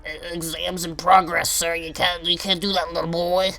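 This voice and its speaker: Young guy voicing a stern teacher lady, higher and odd-sounding, curt. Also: normal speed, vocal fry, faint music behind. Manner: curt, repeats herself flatly. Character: stern female teacher guarding an exam.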